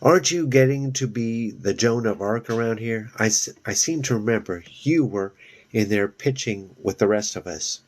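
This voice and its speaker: A man's voice: lowish voice, moderate pace, close to an everyday voice. A man voicing a brash, sneering teenage girl with a crude tongue, reading from a novel. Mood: mocking.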